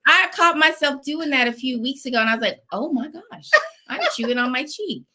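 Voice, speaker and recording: A woman's voice: sits high, fairly quick. A woman pastor chatting as a guest, laughing easily as she teases about family. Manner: laughs easily, warm teasing about her mother. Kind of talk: casual chat.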